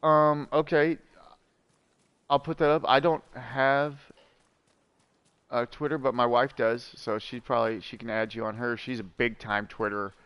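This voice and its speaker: A man telling stories while he streams a game, chatty and rambling, full of fillers and asides to his viewers. His voice is smooth and clear at an ordinary pitch. The sound is close and dry. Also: level tone, a little slow, pauses often, dry recording, lo-fi sound. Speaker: gaming streamer. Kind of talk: casual storytelling while gaming.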